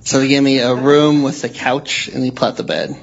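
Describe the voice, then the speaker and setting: Gravelly man telling sheepish stories. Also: mid-range voice, flat delivery, moderate pace. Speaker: show staffer. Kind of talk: casual storytelling on live radio. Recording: dull live broadcast audio with crowd.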